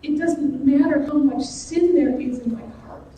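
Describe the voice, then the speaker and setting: A woman's voice: sits high, warm tone. A woman giving a guest sermon in a church, speaking in an earnest, personal way. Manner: earnest and personal, slow and deliberate. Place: church sanctuary. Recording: echoey hall from far off, faint noise.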